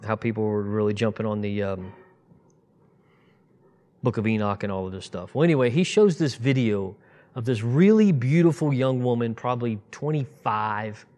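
A man's voice: fairly low pitch, moderate pace, a little mellow. A man in his fifties giving an informal sermon, conversational and digressive, now and then rising to emphatic outbursts. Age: 50s. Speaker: preacher.

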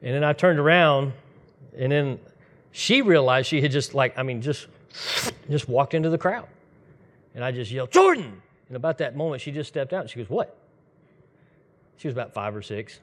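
A man's voice: mid-range voice, brisk, a bit bright. A man preaching a sermon in a conversational, storytelling way, speeding up in bursts. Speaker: pastor.

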